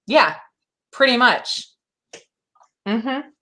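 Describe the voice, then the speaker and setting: A woman co-hosting a casual true-crime podcast, telling the story in an animated way. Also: extremely slow. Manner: animated storytelling, acts out quotes in a high voice. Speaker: podcast co-host.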